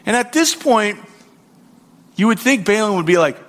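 High-voiced man preaching a story. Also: normal speed. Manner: animated retelling with acted quotes and restarts. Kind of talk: sermon storytelling.

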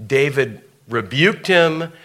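A man teaching a Bible passage, reading the verses aloud and breaking off into relaxed, chatty explanations with fillers and asides. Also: mid-range voice, slow pace. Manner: casual asides between scripture readings.

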